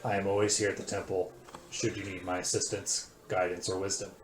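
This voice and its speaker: Figure: formal temple priestess voiced by a man. Tone: measured. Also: deep voice, flat delivery, lightly acted. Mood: solemn. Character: calm female temple priestess, wise and kind. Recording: echoey room with loud noise.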